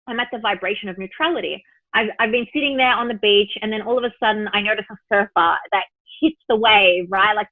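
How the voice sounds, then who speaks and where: A woman's voice: medium pitch, no room sound. Woman guest on a tinny phone line. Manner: animated storytelling, acts out her own thoughts. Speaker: spiritual teacher, guest. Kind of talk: podcast interview.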